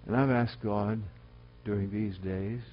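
A man preaching a sermon, swinging from loud, emphatic exhortation to quiet, personal storytelling. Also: fairly low pitch, steady tone, measured pace, dull audio. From Colorado.

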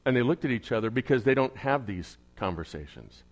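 Preaching a storytelling sermon, this evangelical pastor speaks to his congregation in a mid-range, expressive voice at a slightly fast pace. His delivery alternates quiet asides with emphatic outbursts, all in a conversational manner.

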